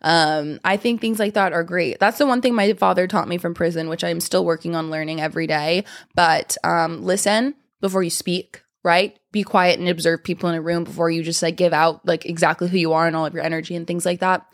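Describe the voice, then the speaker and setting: A woman's voice: on the low side, steady tone, brisk, hardly any pauses. A young woman hosting a casual monologue, talking in a chatty, rambling way with lots of fillers. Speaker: podcast host.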